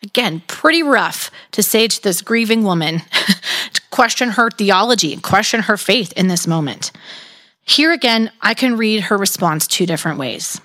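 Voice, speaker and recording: A woman giving a reflective Bible teaching, reading scripture aloud and talking about it candidly and earnestly, with soft laughs. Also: mid-range voice, expressive, normal speed.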